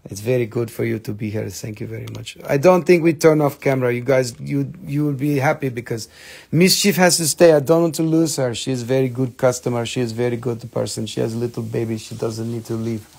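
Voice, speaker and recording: A man's voice: medium pitch, steady tone, fairly quick, creaky, a little mellow. A man hosting a live crystal sales stream, joking around and switching into playful broken-English banter.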